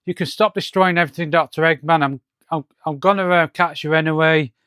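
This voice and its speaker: A man reading the lines of a brash young male hedgehog hero from a comic, in a plain, halting voice. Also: a little high, fairly even intonation, bright, forceful tone, clear, resonant tone, no echo, studio quality. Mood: heroic.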